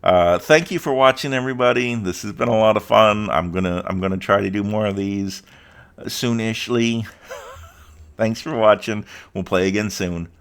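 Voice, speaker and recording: A man's voice: lowish voice, moderate pace, vocal fry, fairly bright tone, clean tone. A man hosting a text adventure game, playful and chuckling as he reads and comments.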